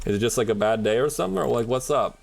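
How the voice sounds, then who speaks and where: A man's voice: medium pitch, animated, racing, creaky. A man streaming a game, chatting casually and rambling with frequent laughs. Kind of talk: casual chat while gaming.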